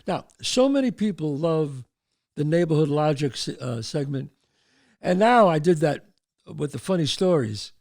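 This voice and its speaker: Animated New York man telling stories. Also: a little high, moderate pace. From the Bronx, New York. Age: 60s. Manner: animated storyteller, shouts out quoted voices. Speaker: show host. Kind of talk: storytelling monologue.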